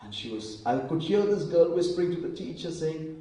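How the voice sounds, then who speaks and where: A man preaching a sermon, telling stories and acting out quoted lines in hushed voices. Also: on the high side, lively intonation, fairly quick, a little hiss or hum. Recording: very echoey hall, voice from a distance.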